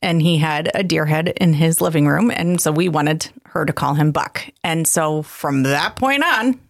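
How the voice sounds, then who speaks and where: A middle-aged woman co-hosting a podcast, telling stories in a casual, animated way with frequent laughs. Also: low voice, unhurried, gravelly, dry recording, studio quality. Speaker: podcast co-host. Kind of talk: casual chat.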